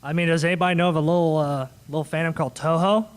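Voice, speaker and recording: A man's voice: a little high, steady tone, very fast, smooth. A man moderating a casual convention panel, joking and rambling and laughing often between questions.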